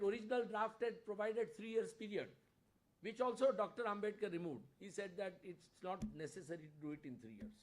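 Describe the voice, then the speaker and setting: An older man with an Indian English accent giving an impassioned public lecture in a conference hall, reading quotations aloud with rising emphasis. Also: sits high. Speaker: lecturer, senior lawyer.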